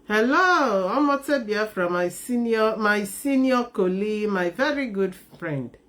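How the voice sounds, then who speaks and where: A woman hosting a live call-in talk program, speaking in a measured, emphatic way and repeating key phrases. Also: mid-range voice, expressive.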